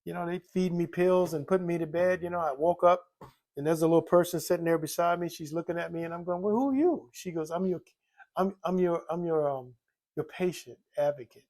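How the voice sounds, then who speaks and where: An older man in recovery from alcoholism tells his drinking story candidly, in a gravelly, slightly high, darkish voice with little pitch movement. He talks fairly quickly, rambles, loops back to repeat his own phrases, and relies on constant fillers.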